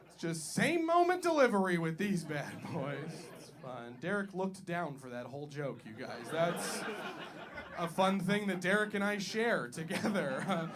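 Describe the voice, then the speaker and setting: A young man doing a stand-up comedy set on stage, animated and playful, jumping loud for the lines he acts out. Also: a little high. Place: small comedy club stage.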